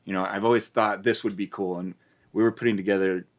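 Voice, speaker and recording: Male musician guest, very deep voice, easygoing and plain, acts out quotes. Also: fairly even intonation, quick pace. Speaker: musician, band member guest. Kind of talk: casual interview.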